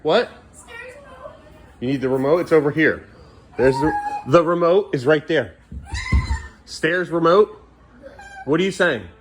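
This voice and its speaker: A man's voice: a little high, unhurried, long pauses, a little hiss or hum. A middle-aged man vlogging at home as a father, coaxing and scolding his kids in casual talk.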